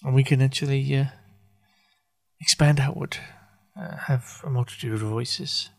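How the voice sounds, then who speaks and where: Man, podcast host, rambling, halting, wry asides, mid pitch. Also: fairly even intonation, creaky, a little mellow. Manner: halting, full of fillers and self-corrections, wry. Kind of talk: rambling casual monologue.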